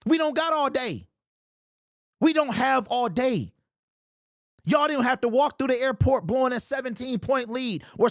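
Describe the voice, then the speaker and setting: A man hosting a fan sports talk stream, reading chat aloud and ranting in an animated, exasperated way. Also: very high-pitched, no echo, studio quality. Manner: animated, exasperated ranting, keeps saying "bro".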